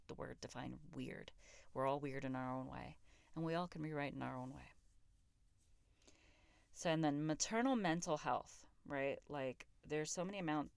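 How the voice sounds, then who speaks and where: Low-voiced, candid woman podcaster, profane and raw. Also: vocal fry, no echo. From raised in a Pakistani immigrant family. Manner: raw, profane, emphatic and self-reflective. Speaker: podcast host. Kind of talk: candid solo podcast monologue.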